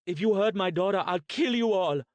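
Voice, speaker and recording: A man's voice: fairly high pitch, normal speed, dry recording, voice pushed up, close to an everyday voice. A man voicing a frightened, defiant mother held captive, talking in a pleading, fierce way in an audiobook. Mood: desperate.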